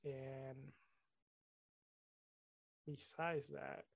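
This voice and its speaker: A man's voice: mid-range voice, flat delivery, drawn-out words, gravelly, no room sound. A man in a casual podcast chat who thinks aloud, hesitating and restarting as he talks. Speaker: podcast co-host.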